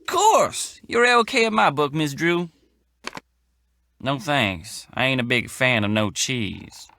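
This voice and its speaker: Casting: a folksy game mechanic with a gravelly drawl and a bouncing, lively delivery. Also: male voice, mid-range voice, takes it slowly, exaggerated voice. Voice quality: rural drawl, slangy grammar. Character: folksy middle-aged male mechanic, easygoing and apologetic. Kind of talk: video game voice acting.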